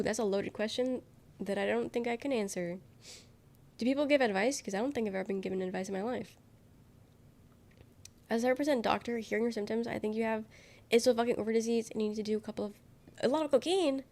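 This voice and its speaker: A young woman streams live while sick, her fairly high, slightly mellow voice sounding nasal and congested. She rambles casually to viewers, giggles often and swears freely.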